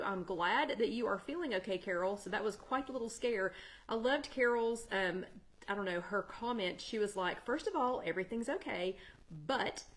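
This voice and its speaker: A middle-aged woman chats casually through a home livestream, reading out viewers' names one after another. Her voice sits at an ordinary middle pitch, and her talk is loose and rambling, full of "um" and quick self-corrections. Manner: chatty, warm-toned greetings with frequent fillers and self-corrections. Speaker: host of a weekly wellness livestream chat. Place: loft at home.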